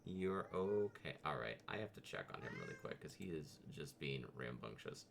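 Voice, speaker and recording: A man streaming while he draws, chatting casually with viewers and coaxing his pet cat in a relaxed, soothing way. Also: extremely low pitch, a little fast, vocal fry, slight background noise. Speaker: VTuber streamer drawing on stream.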